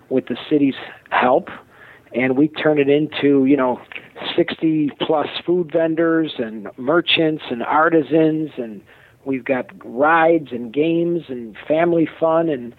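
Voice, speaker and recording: A man with a Chicago accent, a festival producer being interviewed, speaking haltingly with many fillers and restarts. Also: medium pitch, no echo. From Chicago, USA. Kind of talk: phone-in interview. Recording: tinny phone line.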